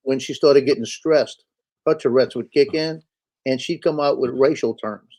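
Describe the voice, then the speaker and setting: A man chats and spins anecdotes in a relaxed, folksy way, lending voices to the people in his stories. His tone is dark and mellow rather than bright. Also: medium pitch, moderate pace. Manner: folksy storyteller, acts out quoted voices. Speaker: co-host on a live stream. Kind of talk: casual chat, storytelling.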